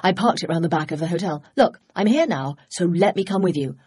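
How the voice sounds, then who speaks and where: A woman voicing a cheeky, eager young man in an audiobook, breezy and coaxing, with a husky voice. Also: fairly low pitch, lively intonation, fairly quick, darkish tone, no room sound, clean studio sound.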